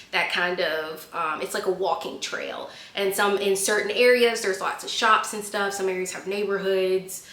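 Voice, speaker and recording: A woman, chatting casually as a vlogger and telling an animated story that she laughs at. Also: mid-range voice, reverberant. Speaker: vlogger answering viewer questions. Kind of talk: casual chat.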